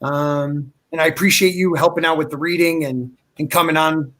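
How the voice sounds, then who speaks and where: A fairly high-voiced man hosting a casual live podcast. He talks loosely and with eager enthusiasm, tossing around dude and brother. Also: fairly even intonation, normal speed, a bit bright. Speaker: podcast host. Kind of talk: casual live-stream chat.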